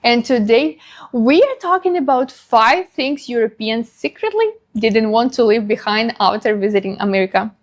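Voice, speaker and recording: Female narrator, scripted, measured, highish voice.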